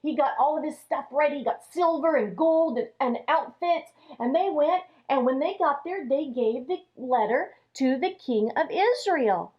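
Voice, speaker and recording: A woman teaching Sunday school, telling a Bible story to children in an animated way. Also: high voice, moderate pace, few pauses. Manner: animated, acts out characters' lines. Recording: dull lo-fi recording.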